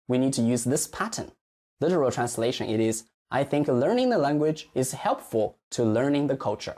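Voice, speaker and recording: Lively-voiced Mandarin teacher, man. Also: medium pitch. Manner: slow, exaggerated modeling of Chinese phrases. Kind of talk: pronunciation lesson.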